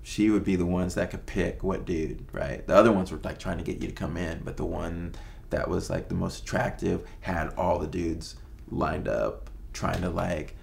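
Low gravelly man telling stories. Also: fairly even intonation, normal speed, darkish tone, slight background noise. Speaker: guest. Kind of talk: casual storytelling interview.

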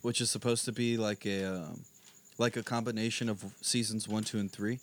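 A man's voice: lowish voice, steady tone, moderate pace, a little hiss or hum. A man co-hosting a casual podcast chat, chiming in easily with short replies and questions. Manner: easygoing, laughs along, chimes in. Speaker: podcast co-host.

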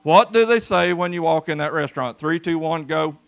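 A pastor at a church service delivers a folksy, animated storytelling sermon, calling out to his congregation. His voice sits on the high side and moves a little fast, with a gravelly edge and a slight hiss or hum in the recording.

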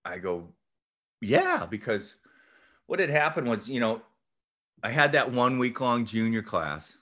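A man telling a story as a podcast guest, lively, acting out the voices and shouting the punchlines. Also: mid-range voice, measured pace, highs cut off. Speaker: podcast guest, golf instructor. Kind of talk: animated storytelling.

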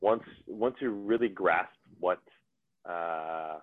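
A man talking casually as a podcast guest, animated and rambling with restarts. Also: low voice, slow, no echo. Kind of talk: casual conversation. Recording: dry, phone-like narrow sound.

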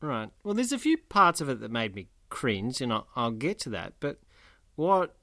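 A man talking casually about a book with his co-hosts. His pitch moves a lot, and he reads passages aloud with expression. The sound is close and dry. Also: normal speed, no echo. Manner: animated, reads quotes expressively, laughs often. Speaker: book podcast co-host. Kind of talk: casual book discussion with read-aloud quotes.

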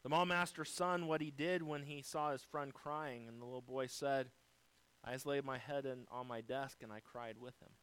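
A man's voice: mid-range voice, fairly even intonation, moderate pace, clear, resonant tone, rough recording. American man preaching with swinging dynamics. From United States. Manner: dynamic preaching, rising loud then dropping soft; speaks directly to congregation, lists numbered points. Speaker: pastor. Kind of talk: sermon.

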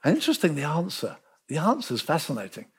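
A man preaching a sermon, telling the story with lively emphasis and repeating words to drive points home. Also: on the high side, quick pace, breathy edge. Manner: animated storytelling, acting out quoted voices.

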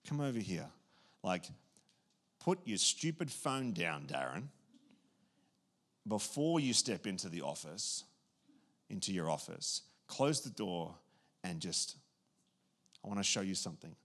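A gentle, beckoning Holy Spirit, done by a male preacher that speaks low and soft, coaxing someone to set things down and come close. It is quieter and lower than the sermon around it. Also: very animated, unhurried, pauses often, exaggerated voice.

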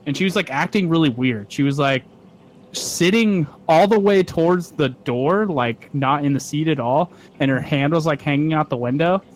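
A man's voice: a little high, normal speed, rough recording. Young man telling a rambling story. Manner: rambling, swears often, acts out quoted voices. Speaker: podcast co-host telling a story. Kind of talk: casual storytelling chat.

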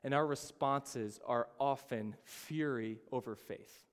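A man's voice: mid-range voice, slow pace, clean tone. A man preaching a sermon, reading scripture with earnest drama and acting out frightened voices. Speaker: pastor. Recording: long hall reverb.

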